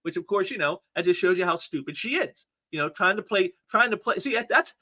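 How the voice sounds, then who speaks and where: Talking a little fast, this man runs a commentary channel where he picks apart online posts with sarcasm and sneers, sometimes tripping over repeated words. His pitch sits very high and bright, swinging up and down energetically.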